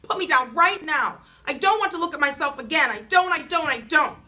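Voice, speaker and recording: Woman doing a little schoolgirl, excitable, loud, piercing, jumping all over in pitch. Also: brisk. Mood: upset. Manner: shrieking and dramatic. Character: loud excitable first-grade girl.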